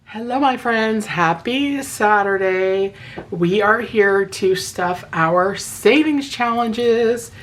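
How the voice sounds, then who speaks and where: A woman with a hoarse voice that sounds a little sick, chatting casually to her viewers and counting cash aloud in quick runs. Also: medium pitch, slight background noise, rough recording. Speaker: budgeting vlogger. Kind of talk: casual friendly chat to camera.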